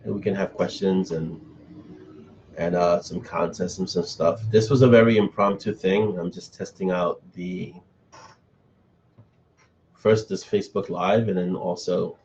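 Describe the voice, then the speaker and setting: A man's voice: low voice, fairly even intonation, unhurried, long pauses, a little mellow, slight background noise. A man hosting a casual live stream, chatting loosely and answering viewers' comments as he goes. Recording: dull, slightly lo-fi stream audio.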